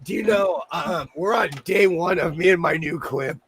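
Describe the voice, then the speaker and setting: A man with a Minnesotan accent hosting a sewing livestream, chatting playfully and breaking into loud laughing exclamations. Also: on the high side, normal speed, slight background noise. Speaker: sewing channel host. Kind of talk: casual livestream chat.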